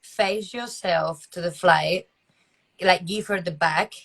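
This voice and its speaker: A woman's voice: lowish voice, slow, creaky, a bit bright. A woman being interviewed, answering candidly and laughing often. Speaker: guest, dancer and magician. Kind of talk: casual interview chat.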